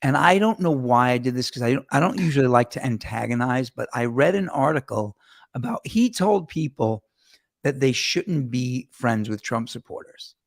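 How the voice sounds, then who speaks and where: A man from Long Island hosting a talk show, telling stories in an animated way and acting out what people said. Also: mid-range voice, normal speed, creaky. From Long Island, New York. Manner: animated storyteller, acts out quotes. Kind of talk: casual chat interview.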